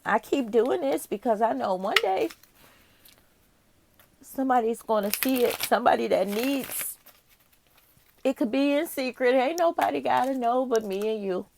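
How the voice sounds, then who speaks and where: A woman's voice: fairly high pitch, animated, normal speed, gravelly, pauses often, noisy background. A woman doing a casual tarot reading, talking straight to the viewer, candid and profane, musing aloud. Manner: candid and profane, with frequent laughs. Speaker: tarot reader.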